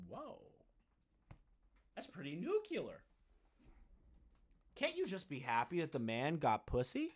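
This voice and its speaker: A man doing live-stream commentary in a crude, mocking and excitable way. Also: fairly high pitch, takes it slowly, long pauses.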